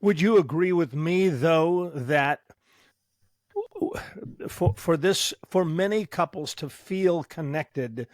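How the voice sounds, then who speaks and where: Speaking slowly in a slightly high voice, a middle-aged psychologist hosts a conversational discussion, wandering into digressions and pushing back on his guest. The studio-quality recording has no echo.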